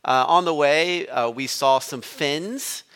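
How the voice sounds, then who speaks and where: Bright-voiced male preacher. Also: fairly high pitch, takes it slowly, clean tone. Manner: conversational storytelling. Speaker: guest preacher. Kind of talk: sermon.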